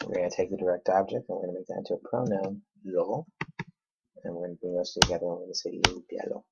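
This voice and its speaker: Male Spanish teacher, low husky voice, patient step-by-step explainer, dull lo-fi recording. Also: fast talker, a bit bright. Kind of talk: classroom grammar lesson.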